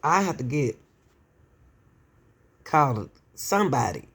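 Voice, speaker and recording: Lady host doing true crime commentary, kinda gravelly, keeps asking y'all what they think. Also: deep voice, sing-song, measured pace, long pauses. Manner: keeps addressing the audience as y'all, asks rhetorical questions. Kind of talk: emotional casual commentary to viewers.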